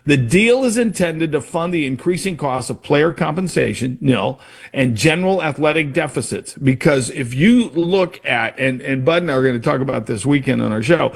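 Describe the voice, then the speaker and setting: A man's voice: fairly high pitch, animated, normal speed, vocal fry, slightly rough. A man hosting a sports talk show, explaining things casually in a rambling way with many restarts and examples.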